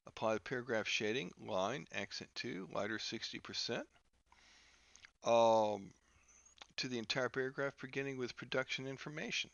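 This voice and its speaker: Halting, gravelly man teaching software. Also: medium pitch, dry recording, lo-fi sound. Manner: halting, many fillers and restarts. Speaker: instructor. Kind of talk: screen-recorded software tutorial.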